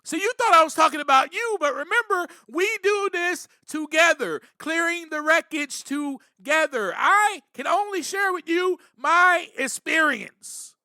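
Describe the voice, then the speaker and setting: A man's voice: extremely high pitch, animated, unhurried, few pauses, pushed and bright, dry recording, clean studio sound. A man hosting a podcast, giving earnest, reflective spiritual recovery talk, with frequent "you know" and bursts of emphasis. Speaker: podcast host.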